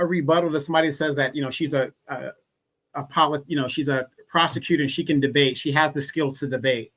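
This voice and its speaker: A man's voice: sits high, fairly bright tone. A man joining a political discussion as co-host, making his points in an emphatic, argumentative way.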